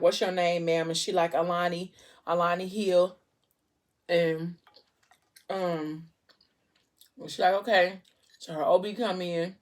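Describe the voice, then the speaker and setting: A woman, telling a book's plot in a chatty, expressive way and acting out the dialogue. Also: fairly low pitch. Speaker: vlogger. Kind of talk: casual storytelling while eating.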